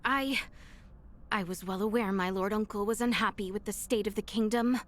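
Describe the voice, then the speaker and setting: An actress voicing an earnest young princess who speaks in formal, halting phrases. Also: female voice, medium pitch, close to an everyday voice. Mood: distressed.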